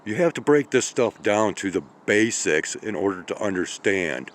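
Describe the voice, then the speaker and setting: A tired man in his late fifties rambling through a slow monologue, checking in with "okay?" and "all right?" as he goes. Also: lowish voice, lively intonation, a little hiss or hum. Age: 50s. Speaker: channel host.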